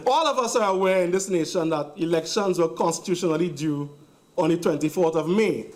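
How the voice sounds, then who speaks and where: In a parliament chamber, a member of parliament with a Trinidadian accent gives a sarcastic, emphatic debate speech. His fairly high voice moves a little fast as he hammers his points home through repetition.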